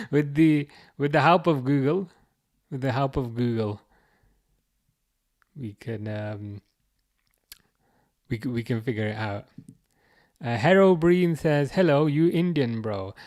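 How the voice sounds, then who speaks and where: A man with a Birmingham accent hosting a football watchalong livestream, reading viewer comments aloud in a chatty, laid-back way with frequent restarts and chuckles. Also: medium pitch. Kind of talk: casual live-chat commentary.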